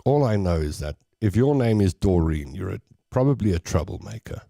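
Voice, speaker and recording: A man's voice: deep voice, animated, creaky, mellow, no echo, clean studio sound. A South African man hosting a casual livestream chat, reading viewer comments aloud and rambling through stories with a laugh. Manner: chatty, rambling, quick to laugh at his own jokes. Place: home studio.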